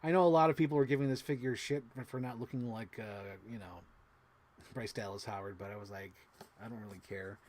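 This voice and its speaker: A man with an ordinary mid-range voice talks loosely through a toy unboxing. He rambles, leans on fillers and swears casually, and his voice shoots up high when he gushes over a favorite piece. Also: fast talker, a little hiss or hum. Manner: bursts into high-pitched gushing excitement. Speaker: toy collector vlogger.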